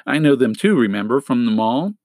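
A man's voice: medium pitch, animated, brisk, a little mellow, no room sound, clean studio sound, close to an everyday voice. A man reading an audiobook, voicing an indignant, earnest teenage girl with a raised, scolding delivery. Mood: surprised.

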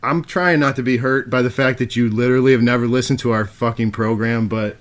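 Male podcast host, mid pitch, teasing, swears often, casual. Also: fairly even intonation, brisk.

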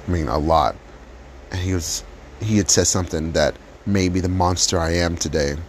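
Deep-voiced man telling his story bluntly. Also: normal speed, a little hiss or hum. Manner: blunt and profane, reflective. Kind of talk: casual personal storytelling.

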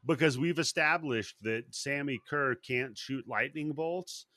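A man's voice: mid-range voice, measured pace, pushed and bright, dry recording, clean studio sound. A man hosting a podcast, casually recapping a movie plot in a rambling, profane way. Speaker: podcast host.

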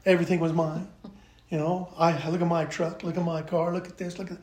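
A man's voice: a little high, flat delivery, brisk, darkish tone. Earnest older man, echoey room. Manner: earnest, rambling with restarts, turns emotional. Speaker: podcast guest. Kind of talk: casual interview chat.

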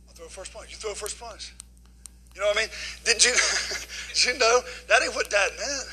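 Middle-aged man preaching, high, folksy, swings loud to hushed. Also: fast talker, husky, rough recording. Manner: casual dialect grammar. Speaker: guest preacher. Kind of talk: sermon.

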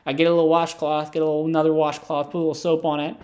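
A man with a fairly high voice spins an improvised comic monologue. He rambles and doubles back, with lots of "you know" and "right?". His deadpan delivery treats the nonsense as plain fact. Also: rapid-fire. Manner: rambling, absurd, deadpan, full of fillers and asides. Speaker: comedic storyteller.

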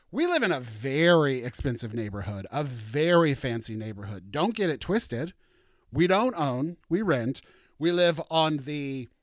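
A man's voice: on the high side, dry recording, clean studio sound. Campy, chatty middle-aged man. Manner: chatty, campy and animated, with laughs and mock outrage. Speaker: podcast host. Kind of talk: casual solo podcast chat.

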